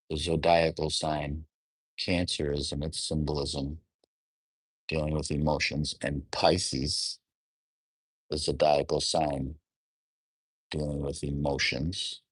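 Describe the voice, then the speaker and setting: Slow, very deep-voiced musing man. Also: level tone, fairly bright tone, no room sound. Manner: musing, often rephrasing and trailing off mid-thought; asks the listener reflective questions. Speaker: astrologer. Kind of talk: unscripted solo monologue.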